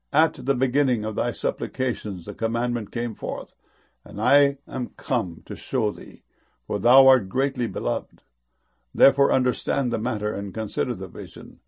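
A man giving a solemn, measured scripture reading in archaic wording. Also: mid-range voice, creaky, a little mellow, slightly rough.

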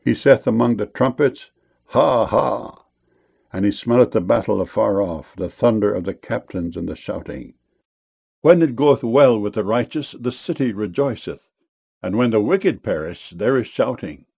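A man reading scripture aloud in a measured, solemn way. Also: fairly low pitch, expressive, gravelly, dark tone, slightly rough.

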